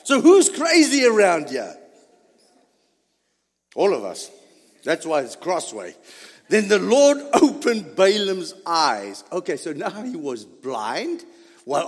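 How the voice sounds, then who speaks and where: A male pastor preaching a sermon in a church, theatrical and animated, often breaking into laughter. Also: high-pitched. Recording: echoey church hall reverb.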